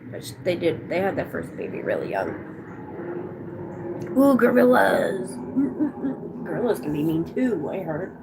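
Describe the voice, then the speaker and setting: A woman's voice: sits low, sing-song, a little fast, heavy background noise. A woman in her forties from the United States, chatting casually on a live stream, rambling through stories and answering viewers' comments. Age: 40s.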